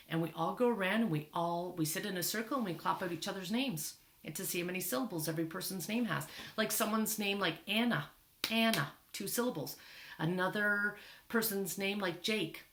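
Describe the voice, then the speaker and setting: Woman teacher, lowish voice, echoey room. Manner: warm, encouraging, marvels often. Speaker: teacher reading a picture book to children. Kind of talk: children's lesson, reading aloud.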